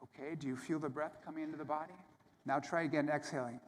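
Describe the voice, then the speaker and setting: Calm man guiding yoga in a hall. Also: a little high, fast, slight background noise. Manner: calm, gentle, step-by-step cueing. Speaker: yoga teacher. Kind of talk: guided yoga instruction to a live audience. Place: large hall at a yoga summit. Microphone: microphone. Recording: long hall reverb with faint room ambience.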